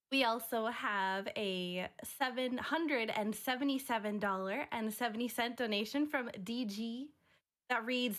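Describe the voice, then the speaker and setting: A woman's voice: on the high side, moderate pace, fairly bright tone. A woman hosting a charity stream, reading out donation messages in an upbeat way. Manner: upbeat, reads messages aloud. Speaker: marathon host.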